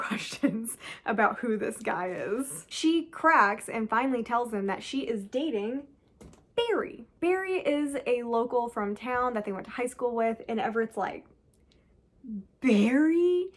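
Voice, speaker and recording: Sarcastic woman reviewing a bad book. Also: a little high. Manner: sarcastic and incredulous, laughing often. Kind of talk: casual chat.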